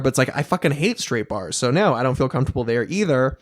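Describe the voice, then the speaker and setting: A young man talking as a podcast guest in casual interview chat, blunt and emphatic, swearing freely with lively asides. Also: medium pitch, fast.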